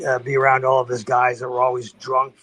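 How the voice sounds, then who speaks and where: A man's voice: mid-range voice, a little fast, rough recording. An older man telling a long personal story on a podcast, rambling with restarts and acting out what people said. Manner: rambling, animated storytelling with acted-out quotes; frequent restarts and fillers. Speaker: podcast guest. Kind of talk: casual storytelling.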